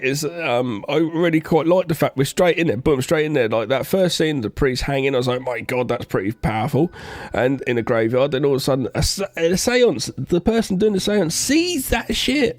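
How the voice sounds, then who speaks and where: A man's voice: on the high side, no room sound. A man co-hosting a horror film podcast, chatting casually, swearing freely and acting out lines from the film. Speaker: podcast co-host. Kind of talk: casual film review chat.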